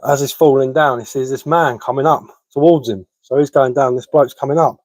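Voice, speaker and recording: A man's voice: mid-range voice, steady tone, a little fast, darkish tone, no room sound. A man chatting casually on a live stream from his living room, telling dad jokes and chuckling at them.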